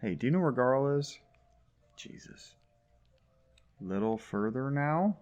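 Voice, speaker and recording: A man's voice: mid-range voice, expressive, normal speed, darkish tone. A man giving sarcastic, grumbling commentary while playing a video game. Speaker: gaming YouTuber. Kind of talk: casual let's play commentary.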